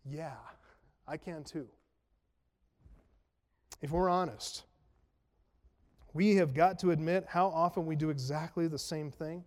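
A man's voice: on the high side, steady tone, takes it slowly, pauses often, a little mellow. A man preaching a sermon in a conversational way, asking rhetorical questions and making self-deprecating jokes. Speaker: pastor. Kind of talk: expository sermon. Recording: long reverb of a large hall.

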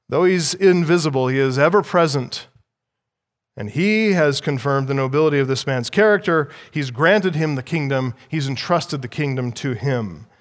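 A man with a somewhat high voice preaches an expository sermon from the pulpit. He speaks in a measured, emphatic way, repeating key phrases and putting rhetorical questions to the congregation. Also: long reverb tail. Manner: teaching, asks the listeners rhetorical questions. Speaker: pastor.

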